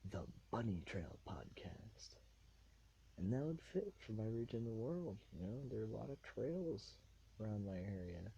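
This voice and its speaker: Man, very deep voice, mellow dark tone, rambling casual podcast chat, lots of fillers, recorded on a tablet. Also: very animated, fairly quick, gravelly, dull audio, a little hiss or hum. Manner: rambling, laid-back, full of fillers. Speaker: podcast host.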